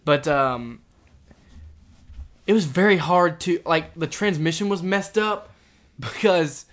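Young guy, slightly high voice, animated storyteller who rants in loud bursts during casual chat. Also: takes it slowly.

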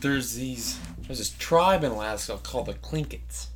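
A young man chatting casually, rambling with lots of filler words and quick laughs. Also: mid-range voice, animated. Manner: gets loud and heated when arguing. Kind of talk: casual chat.

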